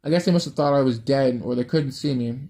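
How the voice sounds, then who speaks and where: A man's voice: mid-range voice, fast, dark tone. A man casually reading out his dream story, rambling, swearing and breaking off into asides.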